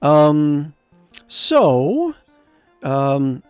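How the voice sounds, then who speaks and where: A man's voice: on the high side, sing-song, drawn-out words, darkish tone, clean tone, dry recording, muffled recording, faint music behind. A man streaming a text adventure game, reading the game text aloud and chatting in a rambling way. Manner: rambling, chatty, many fillers and restarts.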